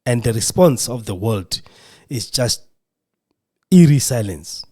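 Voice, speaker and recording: Male podcast host in a radio studio, fervent and emotional, lively swinging pitch. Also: takes it slowly, pauses often. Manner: emotional, preaching fervor. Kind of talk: impassioned monologue.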